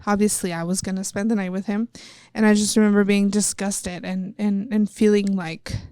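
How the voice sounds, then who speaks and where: A woman's voice: medium pitch, little pitch movement, moderate pace, darkish tone, clear, resonant tone, no echo. A young woman from Texas, a professional wrestler, telling a personal story step by step in a candid interview. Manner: earnest, retelling events step by step.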